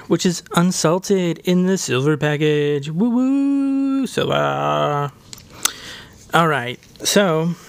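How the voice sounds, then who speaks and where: A man's voice: a little high, dry recording. A man hosting his own podcast, reviewing butter in a casual, hammy way and tossing in a jokey put-on Irish "lad". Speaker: podcast host.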